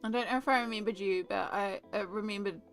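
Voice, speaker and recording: A woman's voice: medium pitch, fast, fairly bright tone, soft background music. A woman in her thirties with an Australian accent, chatting and laughing while colouring on a stream. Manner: chatty, laughing, mimics sarcastic adult tones. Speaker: art streamer. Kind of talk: casual chat while colouring.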